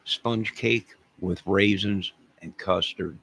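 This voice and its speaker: Older male streamer, deep gravelly voice with a husky edge, rambling and jokey, chatting with viewers. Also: measured pace, a bit bright. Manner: rambling, joking, talks to chat viewers by name. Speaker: livestream host reading chat. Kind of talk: casual livestream chat.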